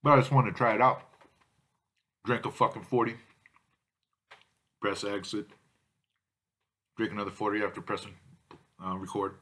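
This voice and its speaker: Man, low voice, profane rant, insulting, beer-drinking vlogger. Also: moderate pace, pauses often, bright, forceful tone, slight background noise. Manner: angry, foul-mouthed, insulting. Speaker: malt liquor drinking vlogger. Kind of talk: profane ranting vlog.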